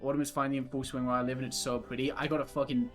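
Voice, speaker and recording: A young male streamer reads a visual novel aloud and rambles to his chat between lines, giggly and loose with his swearing. His voice sits in an ordinary middle pitch, with faint game music running underneath. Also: little pitch movement, racing.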